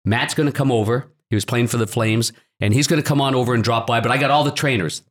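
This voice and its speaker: A man's voice: medium pitch, fast. Easygoing man telling hockey stories. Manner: rambling anecdotes with frequent restarts. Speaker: podcast guest, hockey broadcaster and former goalie. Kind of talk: casual storytelling chat. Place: podcast studio.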